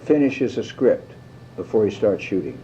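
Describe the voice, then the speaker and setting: An older man, a guest actor, telling lively stories in an interview, swearing freely and mimicking others. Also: lowish voice, normal speed. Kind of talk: anecdotal interview. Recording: dull lo-fi tape with faint hiss.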